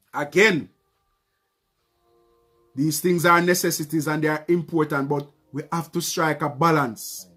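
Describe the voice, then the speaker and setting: A man with a notably high voice preaches a sermon. He leans on repeated phrases and calls out to the congregation for a response, while soft music plays faintly underneath.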